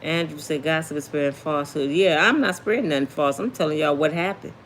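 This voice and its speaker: A woman's voice: low voice, a little fast, fairly bright tone, a little hiss or hum. Sassy chatty woman hosting a livestream. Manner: chatty, sassy, reads viewer comments aloud. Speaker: celebrity gossip livestream host. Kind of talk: casual livestream chat.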